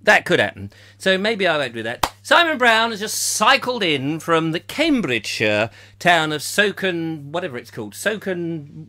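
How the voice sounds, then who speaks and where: A man's voice: on the high side, very animated, normal speed, pushed and bright, a little hiss or hum. A middle-aged man from England hosting a comic live chat show, rambling and joking while reading out viewers' comments. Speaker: host.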